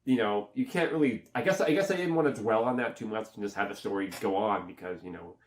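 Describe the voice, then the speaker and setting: A man giving a casual, rambling spoken movie review, full of fillers and restarts, who jumps up in pitch when acting out reactions. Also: fast talker.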